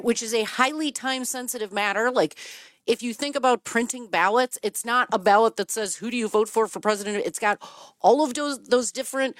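A woman's voice: a little high, no room sound, studio quality. A woman from Wisconsin answering listener questions as a political commentator, in an emphatic, detailed, earnest way. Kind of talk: explanatory talk.

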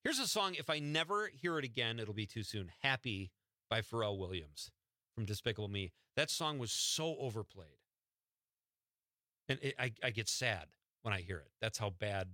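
Male radio host, joking, animated pitch, bright voice, dry studio sound. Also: normal speed, no room sound. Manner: joking, teasing. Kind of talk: casual radio chat.

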